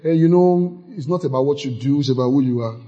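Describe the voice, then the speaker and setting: A man preaching a sermon, lively and playful, acting out church members in mocking voices. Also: mid-range voice, fast talker, highs cut off. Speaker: pastor.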